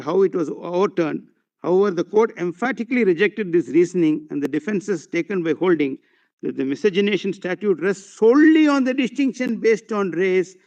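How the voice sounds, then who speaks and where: A high-voiced man with an Indian English accent presents a formal courtroom argument, reading passages and citations aloud and addressing the bench as my lord again and again. The sound is muffled and dull, as if taken from a courtroom feed. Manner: reads out passages and page citations. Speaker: advocate arguing before a court.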